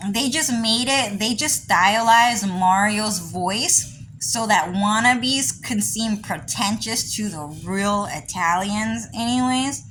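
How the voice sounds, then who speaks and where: Brief: woman vlogger, loose rambling monologue, slow delivery, mid-range pitch. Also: a bit bright, a little hiss or hum, rough recording. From California. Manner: rambling, conversational, full of "you know" and "like". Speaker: diary vlogger. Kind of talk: casual monologue.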